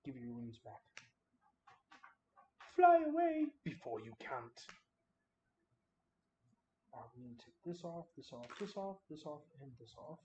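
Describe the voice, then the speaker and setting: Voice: medium pitch, lively intonation, a little fast, few pauses, dark tone, slight background noise. A livestream host chatting casually to himself while building Lego, often dropping to a mutter. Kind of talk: casual live-streamed building chat.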